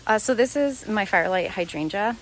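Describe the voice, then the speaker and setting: A woman's voice: mid-range voice, animated, fairly quick, a little hiss or hum. A woman filming a casual tour of her home garden outdoors on a handheld phone. She chats freely, laughs often and corrects herself as she goes. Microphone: handheld phone camera while filming.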